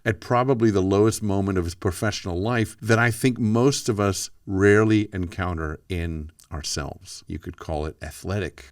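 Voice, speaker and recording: Deep-voiced rabbi giving a dramatic talk. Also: male voice, no room sound, studio quality, distant mic. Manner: dramatic storytelling with rhetorical questions. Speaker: rabbi and podcast host. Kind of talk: scripted inspirational talk.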